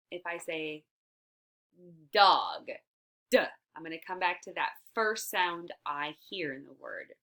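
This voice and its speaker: Teacher lady doing a phonics lesson for little kids, talks real slow, stretches out the sounds, lots of "good". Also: on the low side, sharp tone. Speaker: early-years teacher. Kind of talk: recorded phonics lesson for young children.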